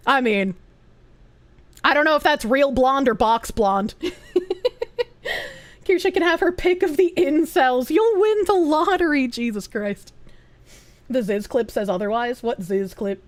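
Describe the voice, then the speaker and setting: A woman's voice: high voice, expressive, slow pace, pauses often. A woman streamer chatting casually and reading viewer messages aloud, blunt, swearing a lot and laughing often.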